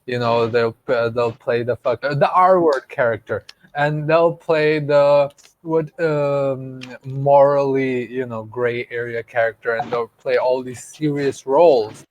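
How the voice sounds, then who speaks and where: A man's voice: medium pitch, fairly even intonation, unhurried, lo-fi sound, a little hiss or hum. A man co-hosting a podcast, rambling in casual chat, swearing freely and laughing often. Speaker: podcast co-host.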